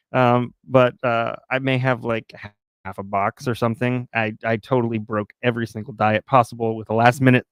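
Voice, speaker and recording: A man's voice: medium pitch, clear, resonant tone, no echo, studio quality. A man hosting a live stream from his recliner at home, chatting casually and joking with his viewers. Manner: chatty, joking, rambling asides.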